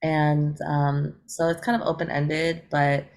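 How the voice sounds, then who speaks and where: A woman talks through an interview in a loose, upbeat way, filling gaps with fillers and quick laughs. Her voice sits low and carries a gravelly fry. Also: flat delivery, a little mellow. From United States. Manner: chatty, upbeat, laughs often, many fillers. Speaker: guest, eco-rapper. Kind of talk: casual interview chat.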